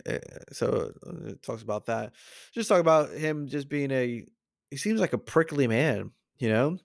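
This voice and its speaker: A man with a gravelly edge to his voice talks through films in a loose, rambling podcast chat. The sound is dry and close, and his pitch sits right in the middle. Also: lively intonation, unhurried, no echo. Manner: acts out movie quotes in shifting voices, rambling with fillers. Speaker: podcast co-host. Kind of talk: casual chat about movies.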